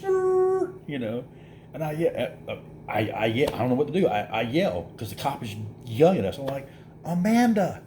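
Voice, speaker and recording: Animated man telling a story. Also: mid-range voice, a little hiss or hum. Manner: animated storyteller, acts out quoted voices, laughs through it. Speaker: vlogger. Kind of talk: casual storytelling.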